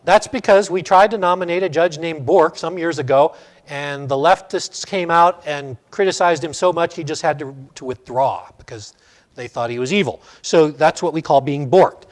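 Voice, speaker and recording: A middle-aged man teaches a Sunday school class, telling stories and putting questions to the class. His voice is on the high side and his pace moderate.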